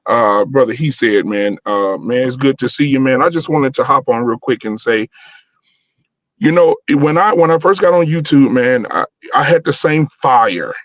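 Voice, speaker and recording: A man's voice: medium pitch, animated, normal speed, no echo. Man calling in on a dull line. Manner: friendly, many fillers like "man". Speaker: fellow YouTuber calling in. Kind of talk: casual greeting and chat.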